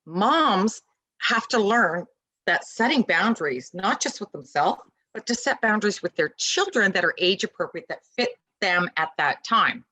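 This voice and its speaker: A woman guest in a casual interview, talking about parenting in an animated, emphatic way and acting out little dialogues. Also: medium pitch, moderate pace, dry recording, poor audio.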